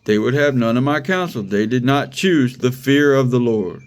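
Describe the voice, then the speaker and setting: A man's voice: medium pitch, normal speed. A man giving a casual, conversational sermon, repeating phrases for emphasis and laughing now and then. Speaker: preacher.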